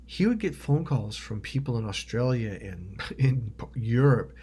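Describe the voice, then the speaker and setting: A man's voice: mid-range voice, animated, a little slow, husky. A man telling a personal story in a rambling monologue, restarting often, swearing casually and acting out what others said. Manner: acts out quoted voices loudly. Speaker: motivational video host.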